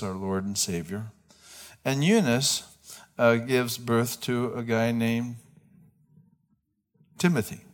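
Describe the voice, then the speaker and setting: A man preaching a sermon as pastor, talking conversationally, restarting phrases and putting questions to the congregation. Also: lowish voice. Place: church.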